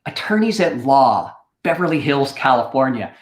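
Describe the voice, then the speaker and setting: A man's voice: medium pitch, very animated, moderate pace, reverberant. A middle-aged man hosting a livestream who tells a long story casually and keeps checking in with "right?". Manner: chatty, anecdotal, keeps asking "right?". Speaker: host.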